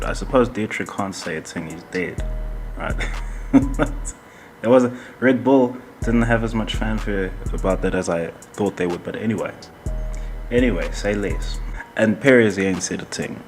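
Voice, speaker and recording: A man's voice: fairly low pitch, moderate pace, soft background music. A man hosting a casual commentary show, rambling and heated, swearing often and laughing between points. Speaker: podcast host.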